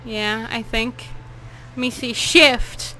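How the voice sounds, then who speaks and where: A woman with a high, bright voice hosts a casual co-op game session. She laughs often and swears freely as she plays. Her tone stays playful and loose throughout. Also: steady tone, slow pace, poor audio. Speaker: let's play host. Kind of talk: casual gameplay chat.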